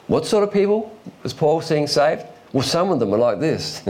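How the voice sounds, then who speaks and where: A man preaching a sermon in a folksy, illustrative way, with quick asides and chuckles. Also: fairly high pitch, very animated, darkish tone. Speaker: pastor.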